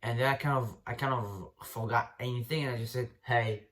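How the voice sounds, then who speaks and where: A man's voice: mid-range voice, fast, fairly bright tone. A man giving dating advice in a casual, unscripted rant, blunt and profane, rambling with restarts and calling the listener bro.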